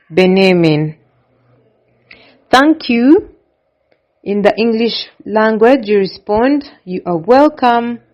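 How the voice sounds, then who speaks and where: Slow, deliberate woman teaching phrases. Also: medium pitch. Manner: slow, deliberate, repeats each phrase pattern. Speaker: language teacher. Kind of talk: slow instructional narration. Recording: dull lo-fi recording.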